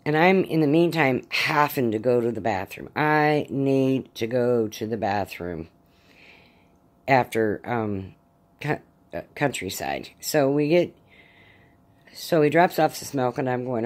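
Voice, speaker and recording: A middle-aged woman at home, in pain after arm surgery, rambling through a casual spoken diary with many halting fillers. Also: a bass voice, expressive. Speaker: vlogger.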